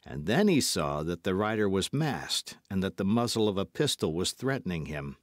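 A man narrating an audiobook with lively, dramatic storytelling. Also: sits low, normal speed, no room sound, clean studio sound. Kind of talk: scripted narration.

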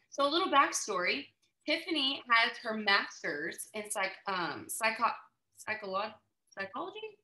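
A woman hosting a team video call, giving a high-energy motivational talk that she peppers with "right?" and "okay?". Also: sing-song, unhurried, pushed and bright, roomy sound, low-quality recording.

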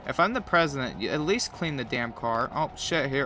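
A man's voice: mid-range voice, animated, normal speed, hardly any pauses, bright, forceful tone, a little hiss or hum. A man with a cold giving profane, joking play-by-play commentary while playing a game. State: has a cold. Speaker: gamer commentator.

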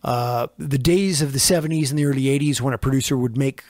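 A man's voice: mid-range voice, quick pace, a little mellow, dry recording. A man, a record producer, telling long, rambling anecdotes in a casual interview and acting out the quotes in them. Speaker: record producer and engineer guest.

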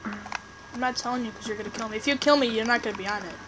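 A woman chatting through a game session as commentator, rambling and excitable, tossing jabs at other players. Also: fairly high pitch, quick pace, noisy background. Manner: rambling, excitable, trash-talking teammates; restarts and fillers, chatty. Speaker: gameplay commentator. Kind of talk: casual live game commentary.

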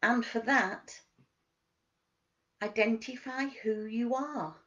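Slow-talking woman wellness coach. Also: on the high side, muffled recording. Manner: gentle, questioning, emphatic coaching delivery. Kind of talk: motivational wellness talk.

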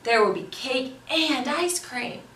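A woman doing a gentle young storybook doe with a high, bright, lively voice, soft-spoken and a little mumbly. Heard in a roomy space from a bit away from the mic. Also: takes it slowly, heavily acted. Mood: eager. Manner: soft, mumbling when let down. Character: gentle young female deer, hopeful then hurt. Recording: roomy, voice from a distance.

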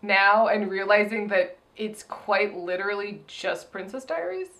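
A woman's voice: medium pitch, a little slow, background noise. A woman co-hosting a casual movie review chat, chatty and playful, with frequent giggles and silly asides. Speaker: podcast co-host.

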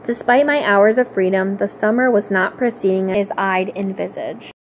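A woman reading a children's novel aloud for a library storytime, in an expressive, clear storytelling manner. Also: mid-range voice, normal speed, slight background noise.

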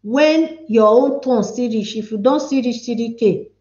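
A Nigerian woman with a slightly high voice hosts a live chat, slow and easygoing, calling out viewers by name with frequent laughs. The sound is dull and lo-fi, with an echoey room around her. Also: mellow. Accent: Nigerian Pidgin English. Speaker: livestream host.

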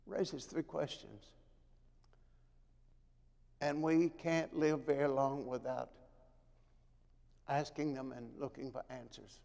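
A man preaching a sermon in a church, dramatic, moving from loud pleading to hushed, quiet lows. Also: fairly even intonation, takes it slowly, vocal fry, pauses often. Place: church sanctuary. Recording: long reverb of a church hall.

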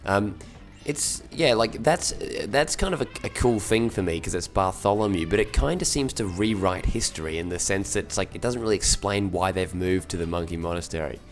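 Deep-voiced man hosting game commentary. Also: animated, fairly quick, few pauses. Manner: hesitant, laughing, self-correcting. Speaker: let's play host. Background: faint game music.

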